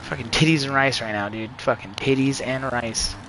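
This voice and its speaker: A man streaming a racing game live, talking in a rambling, profane and excitable way. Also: mid-range voice, moderate pace, a little hiss or hum, rough recording. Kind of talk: live gameplay commentary.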